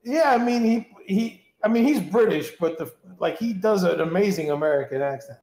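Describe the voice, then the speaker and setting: A man with a notably high voice trades eager, argumentative points in a loose chat with friends. He talks fast and keeps pushing his case. The sound is casual and chatty. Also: animated, a little mellow, echoey room.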